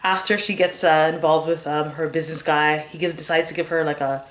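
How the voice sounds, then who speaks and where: A woman with a low voice talks through her favorite films in a loose, unscripted way. She rambles, fills the gaps with "um" and "you know", and giggles now and then. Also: fairly even intonation, brisk. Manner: rambling, chatty, lots of fillers and giggles. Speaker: movie reviewer. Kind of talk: casual chat.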